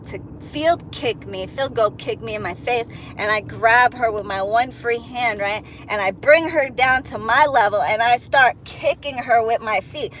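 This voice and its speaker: A woman vlogger telling a profane, animated story from inside her car while driving. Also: fairly high pitch, slight background noise, low-quality recording. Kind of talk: storytime vlog.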